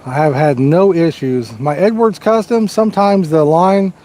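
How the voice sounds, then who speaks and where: Streaming live from the water's edge, a middle-aged Southern US man chats about fishing in a folksy, joking style full of corny one-liners. He speaks at normal speed in a slightly high voice with a dark tone.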